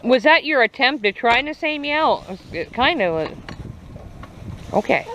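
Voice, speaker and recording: With a high-pitched, sing-song voice at a measured pace, a farm vlogger teases her animals in playful baby talk while chatting casually. She's outdoors on a farm with poultry, and the lo-fi, noisy recording carries clucking chickens and crowing roosters.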